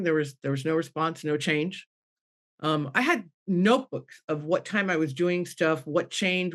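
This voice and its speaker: Earnest middle-aged woman telling a story. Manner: earnest, acts out dialogue with rising pitch, drops low and soft when moved. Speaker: guest medium on a panel. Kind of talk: emotional personal storytelling.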